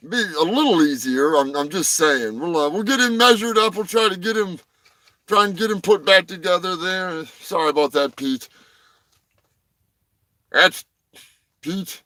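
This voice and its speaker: A livestream host rambles through a comedic live chat, crude and joking, often trailing off into mumbles. His high voice is bright and forceful with a sing-song lilt at a moderate pace. There's no room sound, but the recording is rough.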